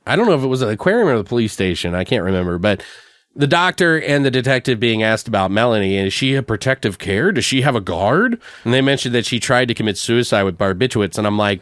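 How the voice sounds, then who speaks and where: A man co-hosting a casual movie review podcast, retelling scenes with quick exaggerated voices and swearing freely. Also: mid-range voice, animated, a bit bright, no echo, clean studio sound. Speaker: podcast co-host.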